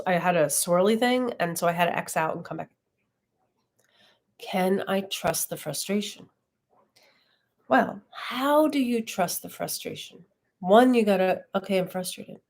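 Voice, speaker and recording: A woman's voice: medium pitch, unhurried, long pauses, a little mellow. A woman leading an online class, talking in a reflective, conversational way with frequent fillers. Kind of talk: casual live-stream teaching.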